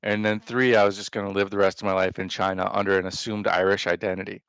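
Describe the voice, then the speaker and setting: Man, gravelly voice, dry close sound, deadpan, rambling livestream chat. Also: low-pitched, fast talker, no room sound. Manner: deadpan, offhand, self-mocking. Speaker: livestream host. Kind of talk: casual rambling livestream commentary.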